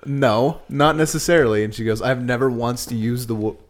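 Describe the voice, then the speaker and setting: A man's voice: mid-range voice, moderate pace. Laid-back man telling funny stories. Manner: laid-back, laughs while telling anecdotes. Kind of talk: casual chat, storytelling.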